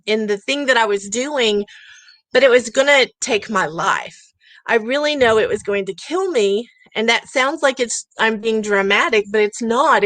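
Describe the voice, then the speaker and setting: Woman, middle-aged, somewhat high voice, bright tone, earnest, emphatic, personal story talk. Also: dry recording, poor audio. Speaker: summit speaker. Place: outdoor porch at a campground.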